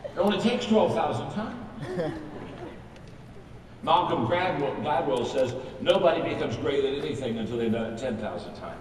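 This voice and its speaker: An older keynote speaker gives a folksy, anecdotal motivational talk to a large crowd in a big event hall, quoting imagined audience voices. His fairly high voice swings widely in pitch at a moderate pace. Recorded from far off, the sound is echoey with crowd and background noise, and live audience laughter.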